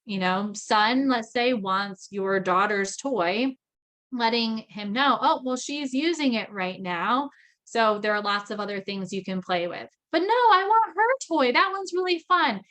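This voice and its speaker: A woman in her thirties giving a parenting training talk, chatty, with frequent "right?" checks, acting out parent and child lines in a lively voice. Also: medium pitch. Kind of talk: recorded training lecture.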